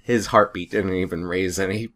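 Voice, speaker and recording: A man's voice: low-pitched, steady tone, moderate pace, a bit bright. A man in a casual chat, telling rambling stories and chuckling often.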